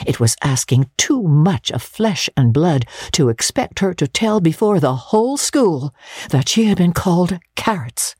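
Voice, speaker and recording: A woman giving a dramatic reading of a classic novel in an expressive storytelling manner. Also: extremely low pitch, husky, no echo, clean studio sound. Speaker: narrator.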